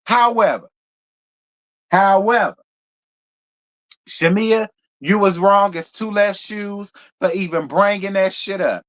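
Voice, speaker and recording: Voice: mid-range voice, unhurried, a bit bright. A reality TV review host giving a live recap, blunt and profane, repeating points for emphasis and talking straight to viewers. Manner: talks straight to viewers, calls them girl and y'all.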